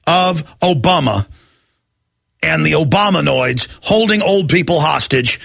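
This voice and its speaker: Man, radio host, impassioned rant, gravelly, bright edge. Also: on the high side, animated, measured pace. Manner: yelling, mocking voices of bankers. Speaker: radio talk show host.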